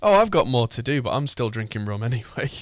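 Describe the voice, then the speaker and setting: A man's voice: medium pitch, very animated, fast, dry recording, studio quality. A man hosting a podcast, chatting casually and rambling with frequent laughs. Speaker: podcast host. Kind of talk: casual chat.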